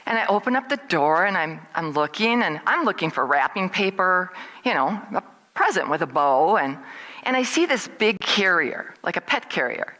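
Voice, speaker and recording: A middle-aged woman recounts a personal story at a service in an animated manner, imitating others' speech with big pitch shifts. Her pace is normal, though the recording is rough.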